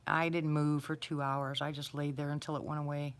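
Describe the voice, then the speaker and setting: A woman's voice: low-pitched, level tone, fairly quick. A middle-aged woman hosting a casual livestream, chatting and answering viewers by name. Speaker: livestream host. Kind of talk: casual live chat with viewers.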